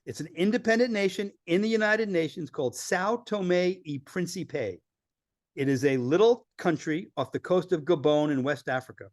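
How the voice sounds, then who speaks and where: A man telling lively travel stories as a podcast guest, acting out the people he quotes. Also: a little high, normal speed, dry recording, studio quality. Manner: animated storyteller acting out quoted voices. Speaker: filmmaker guest. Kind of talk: storytelling in a podcast interview.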